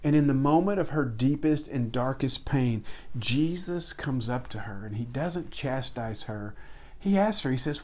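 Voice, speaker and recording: A pastor preaching a sermon with earnest, emphatic repetition, rising for stress and dropping to hushed tones. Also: male voice, mid-range voice, lively intonation, a little slow.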